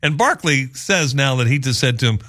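Lively male sports talk host. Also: mid-range voice, fairly quick. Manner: lively, chatty, amused. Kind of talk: casual talk show commentary.

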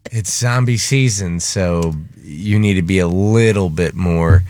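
A man's voice: low-pitched, a little slow, darkish tone, no room sound. A man hosting a radio show, bantering and teasing his co-hosts in the studio. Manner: teasing, talks over others.

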